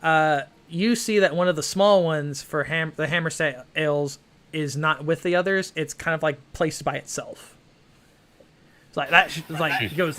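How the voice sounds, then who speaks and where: A man's voice: a little high, moderate pace, a bit bright. A man narrating as game master of a tabletop game, rambling with many fillers and hedges.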